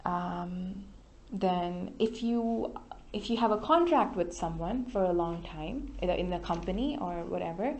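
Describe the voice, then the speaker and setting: A woman's voice: lowish voice, measured pace, darkish tone, slight background noise. A woman tutoring an English discussion group, giving patient, explanatory feedback with many fillers. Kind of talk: spoken feedback to a study group.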